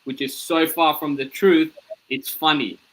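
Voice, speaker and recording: A man's voice: fairly high pitch, a little slow, poor audio. A man in his thirties, a comedian guest, telling stories in a casual interview and acting out the voices of people in them. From Ethiopian, born in Sudan, raised in Australia. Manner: animated, acts out voices in his anecdotes.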